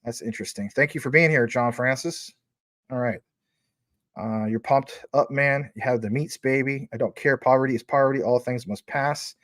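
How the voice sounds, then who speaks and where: A male livestream host chatting casually with his viewers, rambling from one comment to the next and reading names aloud with playful emphasis. His voice sits at an ordinary middle pitch. The recording is close and dry, with no room sound. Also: normal speed, fairly bright tone, no room sound.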